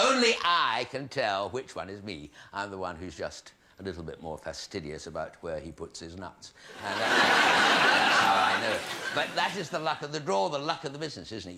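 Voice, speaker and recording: A man's voice: on the low side, big pitch swings, moderate pace, loud music behind the voice. A man in his sixties, a comedian telling rambling stage anecdotes with chatty asides and hesitations to a live audience. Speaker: comedian host.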